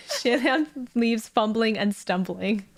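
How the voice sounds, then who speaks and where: A woman co-hosting a podcast, excitable and giggly as she chats and reads aloud. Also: fairly high pitch, normal speed. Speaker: podcast co-host. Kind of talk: casual chat and reading aloud.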